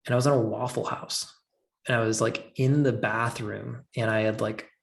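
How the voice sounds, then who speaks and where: Guy with a gravelly voice telling his own story on a podcast, earnest, lots of "like". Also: mid-range voice, steady tone, moderate pace. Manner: earnest, heavy use of "like". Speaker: guest. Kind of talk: personal story in a podcast interview.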